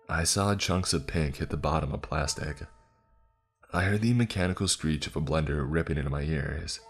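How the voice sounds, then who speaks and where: A man narrating a scripted horror story in a slow, dramatic way. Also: very deep voice.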